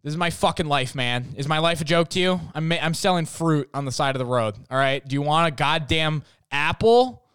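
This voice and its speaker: A man voicing an exasperated, swearing roadside fruit vendor who rants at a customer in a smooth, dry voice. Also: mid-range voice, steady tone, a little fast, a bit bright, no room sound, lightly acted. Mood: irate. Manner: ranting, swearing, escalating.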